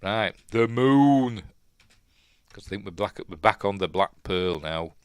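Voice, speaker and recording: A man with a Yorkshire accent chats his way through a film as he watches it, rambling and wandering off on tangents. His voice sits on the low side but swings up and down a lot. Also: animated, measured pace, clean tone, no echo. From Yorkshire, England. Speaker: film reviewer, channel host. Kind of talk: casual rambling commentary while watching a film.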